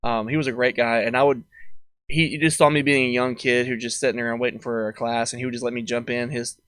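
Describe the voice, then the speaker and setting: A man with a mid-range voice talks casually as a podcast guest. He is a martial arts teacher, relaxed, with fillers and restarts. The recording is close and dry. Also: medium pitch, fast, clear, resonant tone, dry recording. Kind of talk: casual interview answers.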